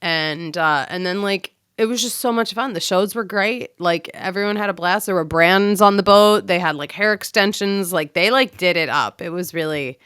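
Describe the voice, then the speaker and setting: Woman comic, podcast guest, bright lively storyteller, dry close mic. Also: lowish voice, normal speed, hardly any pauses, clear, resonant tone, dry recording. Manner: animated storyteller, acts out quotes. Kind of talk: casual chat.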